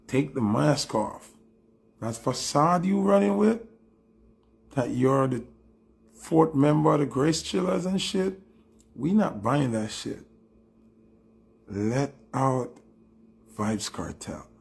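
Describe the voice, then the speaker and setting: A Jamaican man delivers a provocative commentary monologue in a slow, unhurried cadence. His voice is gravelly and husky, and he slips easily between patois and English while goading his target. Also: medium pitch, a little mellow. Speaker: dancehall commentator.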